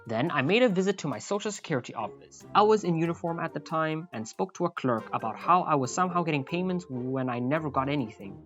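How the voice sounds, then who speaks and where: Low-voiced woman reading a story. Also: lively intonation, fast talker, few pauses. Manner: wry, with apologetic asides. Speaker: story narrator. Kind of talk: reading a reddit story aloud. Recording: slightly muffled, faint background music.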